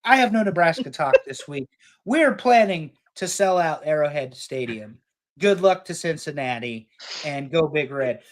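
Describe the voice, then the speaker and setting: A man's voice: a little high, expressive, normal speed. A man co-hosting a casual sports talk stream, opinionated and joking, cursing casually. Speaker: podcast co-host.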